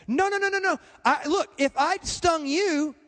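A man's voice: very high-pitched, unhurried, fairly bright tone, in a large hall, pitched above the performer's own voice. A man voicing a deceitful male scorpion from a parable, pleading over and over for a ride. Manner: begging, repeating "no, no, no".

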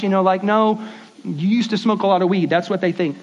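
Guy pastor preaching loose and chatty, high voice, kinda dull lo-fi audio. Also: a little hiss or hum. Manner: conversational, repeats words, acts out quick dialogues. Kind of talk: casual sermon.

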